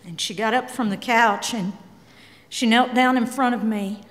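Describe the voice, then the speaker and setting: A middle-aged woman giving a candid, emotional personal talk on stage, swinging between quiet and emphatic. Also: fairly high pitch, fairly even intonation, normal speed. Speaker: speaker. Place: large hall. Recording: long hall reverb.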